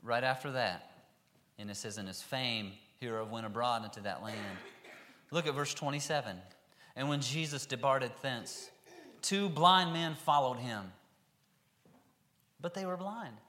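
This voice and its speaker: A man preaching a sermon, reading scripture aloud and then acting out the characters in lively voices. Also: medium pitch, unhurried, pauses often.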